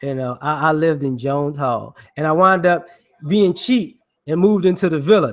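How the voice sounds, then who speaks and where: A man giving casual, rambling monologue commentary in slangy speech, filled with "you know" and quick acted-out voices. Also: on the high side. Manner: acts out people he mocks with quick voices.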